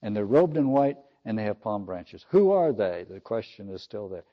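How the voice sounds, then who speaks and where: A man preaching a sermon on scripture, thoughtful and explanatory, lifting his voice for quoted speech and letting line ends fall low. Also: big pitch swings, normal speed. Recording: slightly dull lo-fi sound.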